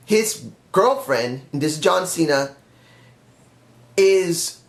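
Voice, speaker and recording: A man talks through a fantasy wrestling storyline in a loose, rambling way and often corrects himself mid-sentence. His voice sits a little high. The recording has a roomy echo. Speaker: fan pitching a wrestling storyline. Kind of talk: casual rambling commentary.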